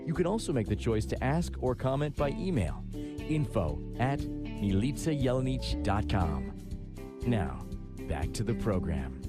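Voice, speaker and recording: A man announcing a radio show's schedule and intro in a measured, deliberate voice-over. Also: medium pitch, big pitch swings. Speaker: show announcer. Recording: voice-over over loud guitar music.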